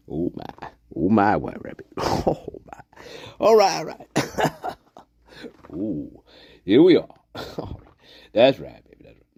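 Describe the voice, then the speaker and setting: A man's voice: mid-range voice, huge pitch swings, drawn-out words, pauses often, mellow, dry recording. A man hosting a casual livestream chat, joking around and laughing between lines, sometimes dropping to a whisper. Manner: drops into breathy whispers at times. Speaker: livestream host.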